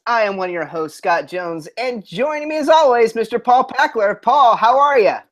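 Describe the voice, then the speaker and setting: A man's voice: very high-pitched, animated, fairly quick, few pauses. An easygoing man hosts a podcast in casual chat. His voice rises and falls freely as he agrees and builds on the others' points. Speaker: podcast host.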